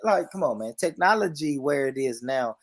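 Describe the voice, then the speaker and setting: A man's voice: mid-range voice, animated, normal speed, no echo. A middle-aged Southern American man hosting a casual panel chat, playful and laughing often. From Southern United States. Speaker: host.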